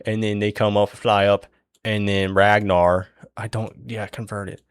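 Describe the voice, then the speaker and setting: A man's voice: on the low side, level tone, a little slow, smooth, no echo. A young man casually retelling a story while he draws it, rambling, swearing and losing his place.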